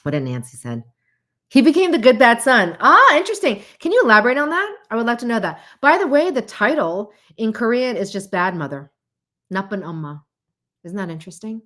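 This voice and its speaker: A woman hosting a casual livestream talk and chatting to her audience, animated, with frequent laughs and asides. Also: brisk. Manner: animated, acts out quoted voices with big pitch jumps. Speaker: host.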